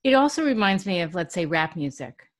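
A woman interviewing a guest in a casual chat, encouraging him and often answering with quick affirmations. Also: fairly low pitch, sing-song.

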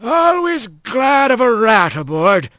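A man voicing a gruff male otter barge boss who hollers orders in a storybook reading. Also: extremely high pitch, big pitch swings, slow, bright, forceful tone, dry recording, studio quality, pitched above the performer's own voice, full character voice. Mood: approving. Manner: hollering commands.

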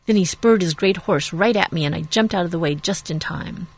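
A stubborn old hobbit farmer spins his tale slowly and folksily, as a woman reads him aloud. The voice sits fairly low with a husky edge. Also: close to an everyday voice. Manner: slow relish, folksy storytelling. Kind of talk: reading aloud on radio.

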